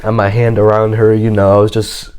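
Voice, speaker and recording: A man's voice: lowish voice, monotone, fairly quick, a little mellow, smooth. A man casually telling a personal story in a boastful, slangy, confident way.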